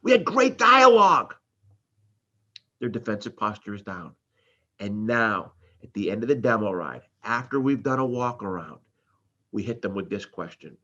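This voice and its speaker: A male sales trainer with a bright, slightly husky voice that swings widely up and down as he talks. He teaches live and keeps acting out little exchanges between customer and salesperson. The recording sounds dull and lo-fi. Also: on the low side, sing-song, moderate pace.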